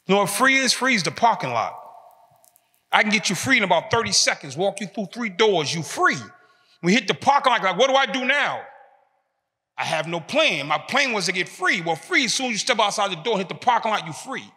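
A man's voice: high voice, very animated, a little fast, sharp tone. A man, giving an emphatic motivational talk built on repeated short phrases. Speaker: speaker giving a talk to prisoners. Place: large hall in a prison. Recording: long reverb of a large hall.

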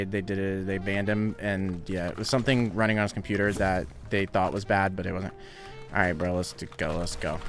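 With a lowish, slightly bright voice, a young man keeps up casual chatter while gaming on a live stream. He laughs a lot and reads viewer donations aloud.

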